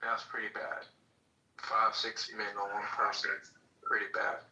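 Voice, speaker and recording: A man with a fairly low, sharp-edged voice cuts in curtly and dismissively. He is heard from far off on an echoey, lo-fi connection. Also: monotone, measured pace. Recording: distant echoey lo-fi line.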